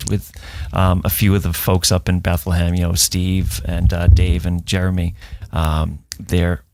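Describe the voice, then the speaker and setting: A man's voice: deep voice, level tone, a little slow, a little mellow, dry recording. A man co-hosting a podcast, chatting casually and laughing easily. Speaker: podcast co-host. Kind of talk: casual chat.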